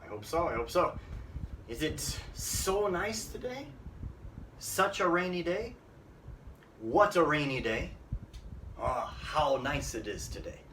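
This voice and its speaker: A man's voice: a little high, takes it slowly, pauses often. A man teaching an English grammar lesson, switching into Japanese to explain and often checking with "right?". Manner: lively, repeats phrases and asks "right?" often. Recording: echoey room, mic at a distance, faint noise.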